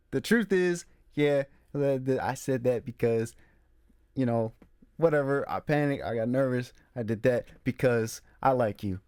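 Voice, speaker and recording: A man hosting a casual solo movie talk, emphatic and animated, repeating his points. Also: medium pitch, dry recording, studio quality. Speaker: movie review host. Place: room with a squeaky chair.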